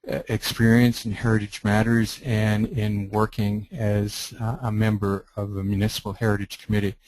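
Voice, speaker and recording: Low-voiced man giving a webinar talk. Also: darkish tone, no room sound, rough recording. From Canada. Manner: measured, explanatory, with some restarts. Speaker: webinar speaker, heritage planning consultant. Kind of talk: webinar presentation.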